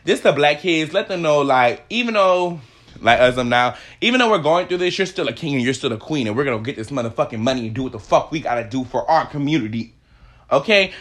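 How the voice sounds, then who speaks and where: A man pours out an emphatic, profane monologue, his pitch swinging widely as he presses each point. His voice sits a little higher than most men's. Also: fairly bright tone. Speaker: podcast host. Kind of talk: heated opinion monologue.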